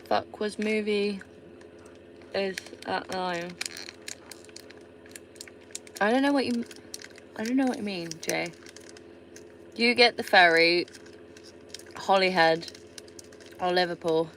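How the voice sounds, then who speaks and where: A woman's voice: medium pitch, takes it slowly, pauses often, noisy background. A woman from England with a Somerset accent, chatting casually and swearing freely on a live stream while she answers viewer comments. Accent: Somerset English. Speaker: livestreamer.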